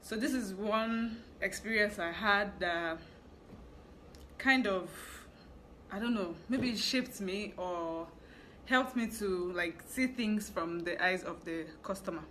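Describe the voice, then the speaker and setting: A woman's voice: mid-range voice, slow, a little hiss or hum. A young woman with a Nigerian English accent, telling a story from her fashion business in a casual, chatty vlog. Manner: chatty, animated storytelling with asides. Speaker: fashion business owner vlogger.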